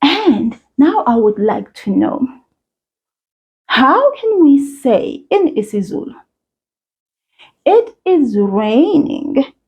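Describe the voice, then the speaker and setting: Woman teacher for kids, high bright voice, slow careful pace, slightly dull recording. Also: big pitch swings. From South Africa. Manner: encouraging, sing-song, slow and clear. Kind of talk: children's language lesson.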